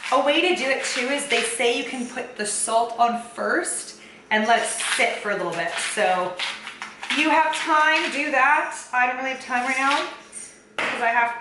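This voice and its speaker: A fitness vlogger with a voice on the high side chats casually through cooking and tracking her meals in her home kitchen. Fillers like "um" and "kinda" come up often, and the echoey room has faint ambience and a noisy background.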